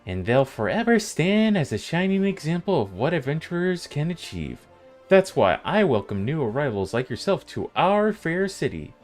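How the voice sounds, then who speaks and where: A man voicing a wry, motherly female tavern owner and guild master, telling her tale in a slow, drawn-out way. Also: fairly high pitch, very animated, soft background music. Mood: storytelling. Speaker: streamer reading game dialogue aloud.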